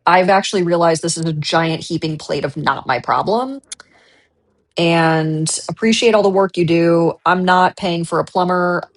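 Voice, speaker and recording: Young adult woman, casual streamer; lowish voice; animated storytelling, trips over her words. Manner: animated retelling with repeated restarts.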